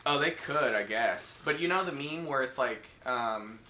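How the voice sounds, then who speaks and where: A man's voice: medium pitch, animated, pushed and bright, echoey room, slight background noise. A man casually recapping a horror movie, rambling and swearing often, with many fillers, and briefly putting on the characters' voices. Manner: rambling, profane, acts out characters in quick voices. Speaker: podcast co-host.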